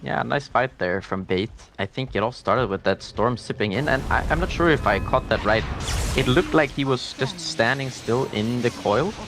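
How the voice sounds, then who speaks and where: A man giving color commentary on a video game match, talking it through thoughtfully with many pauses and fillers. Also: medium pitch, over music. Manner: thoughtful, hesitant, lots of fillers. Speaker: esports analyst.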